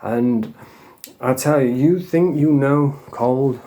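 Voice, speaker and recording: A man's voice: mid-range voice, takes it slowly, dark tone. A man with a Northern English accent telling a rambling, sweary, emotional story in a casual vlog, while coming off drugs. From England. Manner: rambling, sweary and emotional, with frequent "you know what I mean". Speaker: vlogger.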